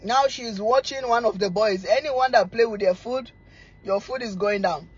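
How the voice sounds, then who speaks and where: A middle-aged woman, chatting casually to camera as a cooking vlogger, telling stories in a teasing, animated way and laughing often. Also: fairly high pitch, moderate pace, breathy edge, muffled recording.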